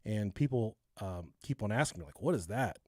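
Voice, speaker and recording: A man's voice: fairly low pitch, expressive, fairly quick, mellow, no echo, clean studio sound. A man co-hosting a podcast, telling a true-crime story and chatting casually, swearing and laughing at his own jokes. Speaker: podcast co-host.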